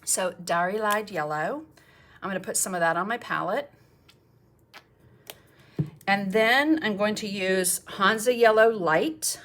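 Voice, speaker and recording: A woman's voice: medium pitch, a little slow, long pauses, a bit bright. A middle-aged woman, teaching a live painting demonstration in a chatty, encouraging way and thinking aloud as she paints. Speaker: art teacher.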